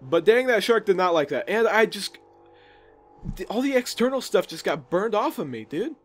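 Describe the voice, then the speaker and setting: A young man talks through a video game in a loose, chatty way, cracking jokes and reacting on the spot. His slightly high voice swings up and down a lot. Soft game music plays under him. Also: expressive, normal speed. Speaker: gaming video host. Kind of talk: casual let's play commentary.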